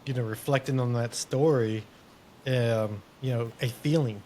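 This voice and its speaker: A man's voice: medium pitch, measured pace, warm tone, slight background noise. Reflective male podcast host. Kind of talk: conversational interview.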